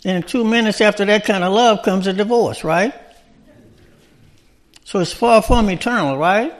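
High-voiced man preaching a sermon. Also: moderate pace. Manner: conversational preaching with rhetorical questions.

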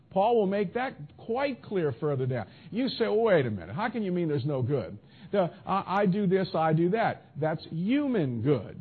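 A man's voice: sits high, slightly rough. A man preaching a sermon in an emphatic style, asking rhetorical questions and answering imagined objections. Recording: tinny phone-like audio.

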